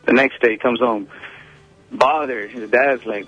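A man's voice: medium pitch, a little slow, pauses often, a bit bright. A male caller tells a joke to a radio host in a loose, slangy way. His voice comes through a muffled phone line with faint music underneath. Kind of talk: telling a joke on a call-in show.

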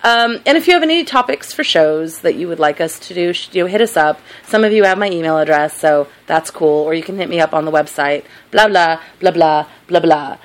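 A woman's voice: sits low, a little fast, few pauses. A woman hosting a podcast in casual chat, giggly and rambling, often drifting off topic. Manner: giggly, rambling, easily sidetracked. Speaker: podcast host.

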